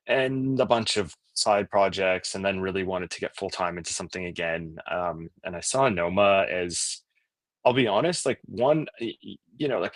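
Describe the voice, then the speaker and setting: Podcast guest, man, low register, dry close sound, casual filler-heavy explainer. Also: fairly bright tone, dry recording. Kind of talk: casual interview chat.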